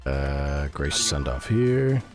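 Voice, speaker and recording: A man streaming a video game in casual chat, his voice strained and roughened from yelling, reacting aloud and answering chat. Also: a bass voice, very animated, takes it slowly, soft background music.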